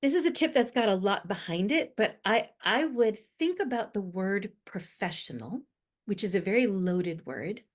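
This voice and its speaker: A woman's voice: mid-range voice, moderate pace. A middle-aged woman from the United States, a guest expert explaining earnestly in a podcast interview. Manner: earnest, animated explaining with rising emphasis. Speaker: guest expert on inclusive language.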